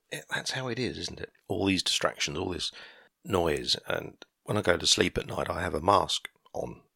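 Deep gravelly man in his fifties. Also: pushed and bright, no echo, clean studio sound. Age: 50s. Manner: rambling, easily sidetracked, chuckling at himself. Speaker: podcaster. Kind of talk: casual solo monologue. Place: garden shed workshop.

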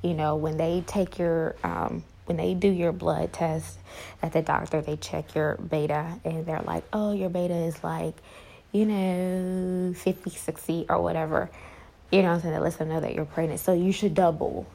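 A young woman telling a personal story to her viewers, halting with many fillers and restarts. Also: on the low side, fairly even intonation, vocal fry, dark tone, low-quality recording. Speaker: vlogger.

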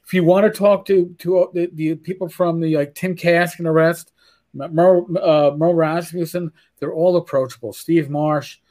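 A man from New York hosting a casual podcast chat, stumbling through restarts as he tells animated stories. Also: on the high side, normal speed. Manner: stammering restarts, animated storytelling. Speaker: podcast host.

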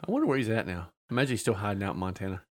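A man's voice: lowish voice, big pitch swings, rapid-fire. Laughing man telling a story. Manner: laughs often while telling a story, with many filler "uh"s. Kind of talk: casual storytelling chat.

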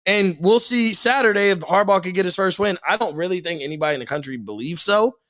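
A young man in casual sports podcast chat, animated and repetitive, saying "like" and "bro" a lot. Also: high voice, fast talker. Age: young adult. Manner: animated, repeats himself, says "like" and "bro" a lot. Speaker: podcast guest.

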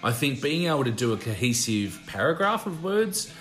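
Bright-voiced man chatting on a podcast. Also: medium pitch, sing-song, normal speed, faint music behind. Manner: reflective, self-deprecating, laughs often. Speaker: podcast co-host. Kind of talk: casual chat.

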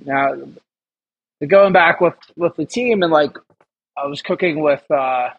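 Husky-voiced man rambling profanely. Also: fairly high pitch, a little slow, highs cut off. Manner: rambling, profane, laughs often. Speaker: chef, interview guest. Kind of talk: casual chat.

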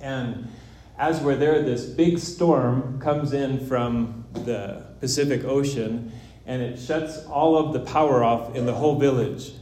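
A man preaching a sermon, telling a personal story in a relaxed way with fillers. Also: mid-range voice, slow, echoey room, slight background noise.

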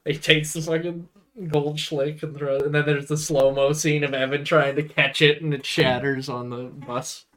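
Laughing higher-voiced man on a podcast. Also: flat delivery, fairly bright tone. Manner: laughing often, quick to quote scenes. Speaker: podcast co-host. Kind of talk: casual chat, retelling a movie.

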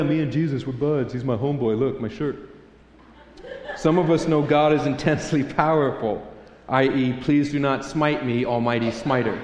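A man in his thirties preaching a sermon, telling a personal story with animated delivery and acting out voices. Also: mid-range voice. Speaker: pastor. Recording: echoey hall reverb.

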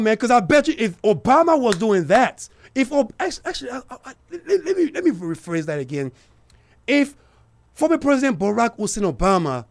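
A man's voice: sits high, vocal fry. A man hosting a talk radio show, giving a heated political commentary and calling out to his listeners. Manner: heated and emphatic, addressing listeners directly.

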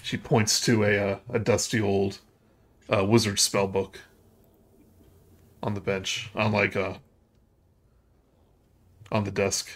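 A man's voice: lowish voice, level tone, takes it slowly, pauses often. A man running a tabletop game as game master, narrating in a casual, loose way with frequent restarts.

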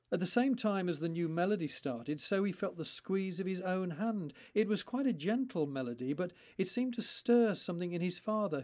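Man reading a story slowly, fairly high voice. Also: a little mellow. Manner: slow, deliberate, with pauses between phrases. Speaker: author reading his own story. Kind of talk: measured storytelling narration.

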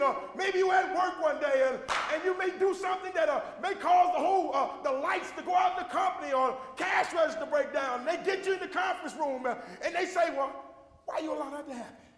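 A man preaching a sermon as pastor, with a Southern American accent, shouting and repeating refrains to a responding congregation. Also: extremely high pitch, a little hiss or hum. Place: church sanctuary with congregation. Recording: echoey hall recording.

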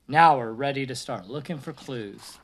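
A man's voice: mid-range voice, normal speed, fairly bright tone, close to an everyday voice. A man reading aloud, giving a cheerful male cartoon mouse detective an upbeat voice. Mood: eager.

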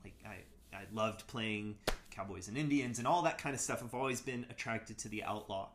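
A man's voice: on the low side, moderate pace, noisy background. Hesitant, reflective man telling his story. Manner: hesitant, full of "like" and "you know", restarts and trails off. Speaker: interview guest. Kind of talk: reflective storytelling in casual conversation.

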